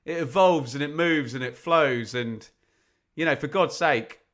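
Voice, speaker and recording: A man from England giving live football commentary on a fan watch-along, chatty and opinionated, with sudden bursts of excitement when chances come. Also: a little high, a little slow. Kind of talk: live football commentary mixed with casual chat.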